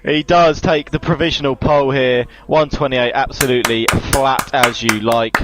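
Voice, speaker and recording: A man calmly calling a sim racing qualifying session, with dry humour. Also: mid-range voice, moderate pace, background noise. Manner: laid-back, dry humour. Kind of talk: live esports race commentary. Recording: slightly dull lo-fi mic.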